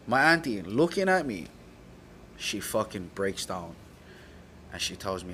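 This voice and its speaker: A man's voice: on the low side, very animated, moderate pace, a bit bright, slight background noise. A middle-aged man from Hawaii telling a personal story, heated and profane, acting out the dialogue. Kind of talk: personal story told aloud.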